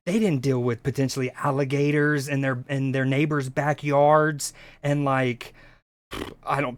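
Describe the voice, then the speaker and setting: A man's voice: fairly high pitch, clear, resonant tone, no echo. A man from the United States streaming, reacting in rambling, profane casual chat. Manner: rambling, profane, restarts often.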